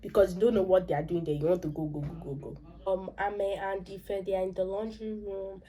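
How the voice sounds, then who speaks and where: A woman's voice: mid-range voice, steady tone, a little fast, mellow. A young Nigerian woman recapping a series episode in a chatty, opinionated way, with asides in Pidgin and Yoruba. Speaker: vlogger. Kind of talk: casual reaction recap.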